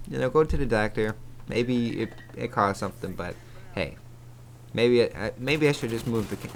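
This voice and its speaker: A man's voice: mid-range voice, slight background noise. Rambling young man vlogging over gameplay. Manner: rambling, restarts a lot, swears casually. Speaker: gaming YouTuber.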